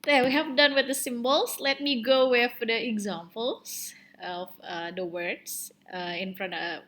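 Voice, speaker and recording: A woman's voice: on the high side, fairly even intonation, a bit bright. A woman with an Indonesian accent teaching English pronunciation, hesitating often and slipping into Indonesian as she drags out the example words. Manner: mixes Indonesian into English, hesitant fillers, drawn-out model words. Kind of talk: online pronunciation lesson.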